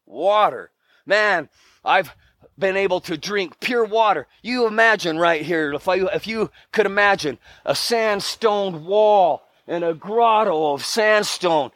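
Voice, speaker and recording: Middle aged guy giving a fired up pep talk, high voice, pretty dry sound. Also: lively intonation, unhurried, a bit bright, dry recording. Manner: earnest, emphatic, preachy with repeated exclamations. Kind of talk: motivational talk.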